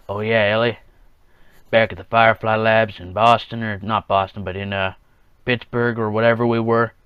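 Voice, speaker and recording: A man with a lowish voice hosts a casual solo podcast, rambling along and chuckling at his own jokes while acting out quotes in offhand voices. The audio is dull, with no room sound.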